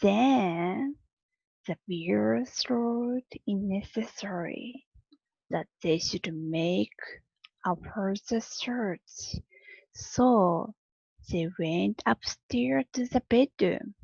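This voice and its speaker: A woman teacher reading a storybook aloud to her students slowly and deliberately, with long pauses. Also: mid-range voice, creaky, a little mellow, husky, dry recording, dull audio.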